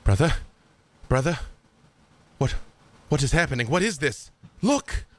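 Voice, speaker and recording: A man's voice: fairly high pitch, moderate pace, sharp tone, a little hiss or hum, voice pushed up. A man voicing an anxious young noble who pleads urgently with his brother. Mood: alarmed. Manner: urgent, rising pleas.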